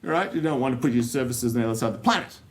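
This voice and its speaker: A man's voice: medium pitch, racing. An Australian man giving a technical talk to an audience, joking and rambling with plenty of fillers and restarts. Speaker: conference speaker. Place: conference room.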